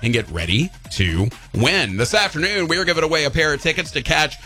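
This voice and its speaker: A male rock radio host with a lively, swooping delivery and a bright, forceful tone. He jokes with his co-host and runs a text-in contest. Faint music plays under him. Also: a little high, a little fast. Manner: upbeat, animated, joking. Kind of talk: morning rock radio banter. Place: radio studio.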